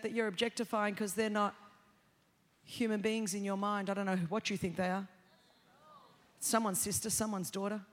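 A woman preaching an emphatic sermon in a large church, shouting key lines and acting out the voices she quotes. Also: on the high side. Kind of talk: passionate sermon. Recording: reverberant hall, faint crowd.

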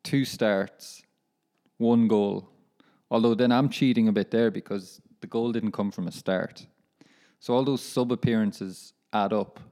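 A young man talks through a casual solo podcast, rambling and poking fun at himself as he speaks to his listeners. His voice sits a touch low and has a warm, mellow tone. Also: fairly even intonation, unhurried. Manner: rambling, chatty, self-deprecating, addresses listeners as lads. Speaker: professional footballer and podcast host.

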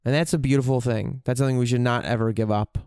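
A man's voice: mid-range voice, steady tone, quick pace, a little mellow, clear, resonant tone, dry recording, clean studio sound. A man in a candid, reflective monologue, swearing freely and searching for his words as he goes.

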